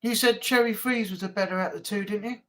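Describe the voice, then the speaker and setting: A man with a British accent hosting a relaxed live stream chat, rambling casually and now and then playing with silly accents. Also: high-pitched, quick pace. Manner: chatty, rambling, playfully tries silly accents.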